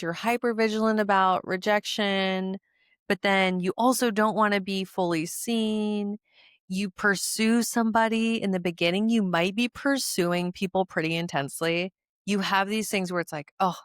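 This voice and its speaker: A woman's voice: medium pitch, steady tone, measured pace, clean tone, no echo, clean studio sound. A middle-aged woman hosting a podcast, teaching in a conversational way and repeating words for emphasis. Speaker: podcast host.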